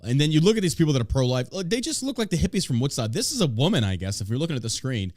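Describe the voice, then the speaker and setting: A man hosting a podcast, mid-pitched and animated, swearing freely and jumping up in pitch when he is riled. His voice is recorded dry and close. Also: very fast, dry recording. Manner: animated, profane, sarcastic. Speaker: podcast host. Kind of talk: casual podcast chat.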